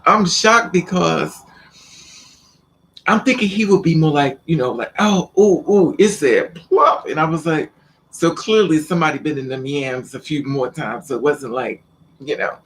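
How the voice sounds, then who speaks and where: A man with a slightly raised voice tells a personal story to the camera in a loose, casual vlog. He talks in an animated way, stumbles into repeats and acts out the other people's lines as he goes. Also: on the high side, normal speed, a little hiss or hum. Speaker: vlogger.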